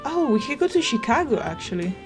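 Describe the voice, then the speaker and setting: A woman's voice: fairly high pitch, sing-song, brisk. Chatty young woman playing a game. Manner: chatty, rambling, thinks aloud. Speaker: gaming streamer. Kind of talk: casual let's play commentary. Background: game music.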